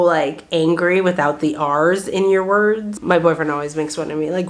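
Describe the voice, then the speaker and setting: A woman in her thirties from Massachusetts, chatting casually to camera in an expressive, rambling way, full of "like" and "okay?". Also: low-pitched, moderate pace, hardly any pauses. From Massachusetts, USA. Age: 30s. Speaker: vlogger. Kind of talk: casual vlog chat.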